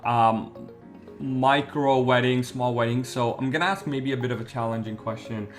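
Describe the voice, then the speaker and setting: A man who works as a wedding MC and magician, hosting a casual interview and talking in an animated, rambling way with restarts. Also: medium pitch, moderate pace, soft background music.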